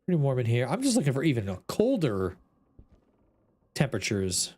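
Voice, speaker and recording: Animated, exasperated male game streamer. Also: medium pitch, moderate pace, husky. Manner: exasperated, talks to his chat. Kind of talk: casual gameplay commentary.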